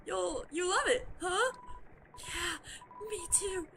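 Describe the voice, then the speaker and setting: A woman voicing a friendly, lonely sea creature who talks in a soft, eager, sing-song way. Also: extremely high pitch, slow, gravelly, a little hiss or hum, voice pushed up, heavily acted, low-quality recording. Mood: cheery. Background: game music.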